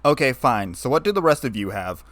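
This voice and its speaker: A man reading a story aloud, voicing a sarcastic, guarded young human man with a flat, wry delivery. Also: medium pitch, fairly quick, no room sound. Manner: wry, flat, turning bitter.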